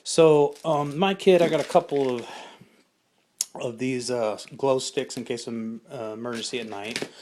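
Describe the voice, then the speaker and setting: A man's voice: lowish voice, a little hiss or hum. A middle-aged man, a survival instructor, giving a casual, conversational talk with frequent fillers and restarts.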